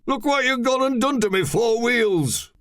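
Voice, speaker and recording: A man's voice: extremely high pitch, expressive, measured pace, fairly bright tone, no room sound, studio quality, voice pushed up, exaggerated voice. A man voicing a bossy, skinny man in a suit who scolds in old-fashioned slang. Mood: scolding.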